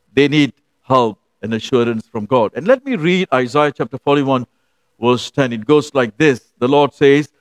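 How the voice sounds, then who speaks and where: A man's voice: mid-range voice, dry recording. A man pastor preaching an earnest sermon, telling stories and leading prayer. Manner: earnest, storytelling.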